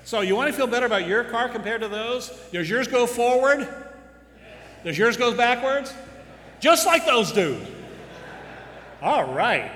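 Bright-voiced preacher in an echoey hall. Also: male voice, sits high. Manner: rhetorical questions and dry humorous asides. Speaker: pastor. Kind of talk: sermon. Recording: echoey hall with faint hum.

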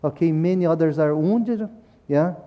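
A man's voice: on the high side, normal speed, lo-fi sound. A man from Brazil, giving a talk with slides at a church service and ending most sentences with "yeah?". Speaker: missionary speaker.

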